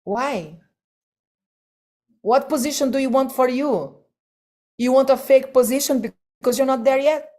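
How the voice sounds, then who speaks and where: Slow, emphatic woman giving a devotional class. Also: high voice, dark tone. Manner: slow, emphatic, rhetorical questions, non-native phrasing. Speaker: spiritual teacher.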